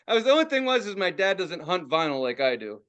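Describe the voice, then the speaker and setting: A male podcast host tells a long story in casual chat and swears freely as he goes. His voice sits fairly high and swings widely in pitch, which keeps the delivery animated. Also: fast, muffled recording.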